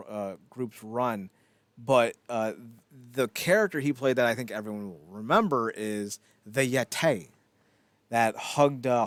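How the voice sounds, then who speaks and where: A man co-hosts a loose wrestling news podcast in an ordinary middle-pitched voice. He rambles, swears freely and pokes fun at himself mid-sentence. The sound is dry and close, with no room echo. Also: clear, resonant tone. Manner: rambling, profane, self-mocking asides. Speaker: podcast co-host. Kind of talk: casual wrestling news chat.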